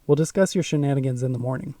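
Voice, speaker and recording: A man's voice: medium pitch, very fast, mellow, no room sound, distant mic, lightly acted. A man reading the part of a cold, impatient adult man who mocks children, speaking in an icy tone. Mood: stern. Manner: icy, mocking.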